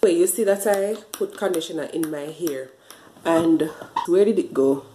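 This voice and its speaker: A woman's voice: lowish voice, moderate pace, mellow, reverberant, slight background noise, poor audio. A woman vlogging a hair wash routine, explaining each step casually to the camera and a bit out of breath. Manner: chatty, explains step by step while washing her hair. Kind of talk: casual tutorial talk to camera.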